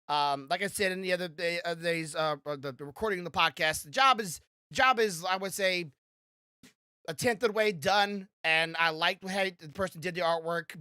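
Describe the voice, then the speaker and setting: Young man, podcast host, casual chat, rambling, lots of fillers, bright voice. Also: a little high, dry recording, studio quality. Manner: rambling, many fillers and restarts.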